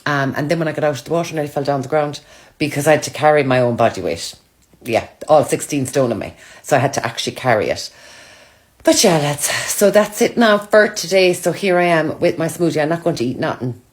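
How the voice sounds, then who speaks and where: Chatty low-voiced woman. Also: animated, a little fast. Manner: chatty, self-mocking storyteller. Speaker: social media creator. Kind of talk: casual chat to followers.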